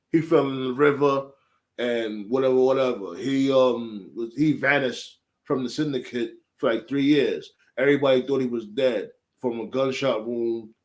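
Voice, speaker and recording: A man giving a casual, animated, profane recap of a show, full of slang. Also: mid-range voice. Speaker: show reviewer.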